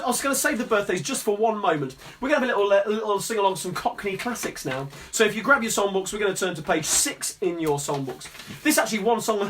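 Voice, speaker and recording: A man's voice: high-pitched, a bit bright, a little hiss or hum. A man hosting a live-streamed sing-along from his music room at home, chatting in a friendly, rambling way between songs. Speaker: sing-along host and performer. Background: guitar playing.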